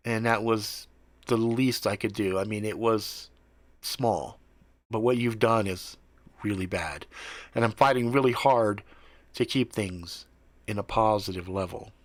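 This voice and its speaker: A man voicing a quiet, teasing young woman in an improvised story, speaking calmly and frankly with the odd curse word. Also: on the low side, slow pace, long pauses.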